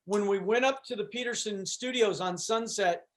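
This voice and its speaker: His voice is high and fairly bright at a normal speed as this man, a chat show guest, spins out a long personal tale. It's casual storytelling, loose and rambling, full of restarts, asides, and "you know."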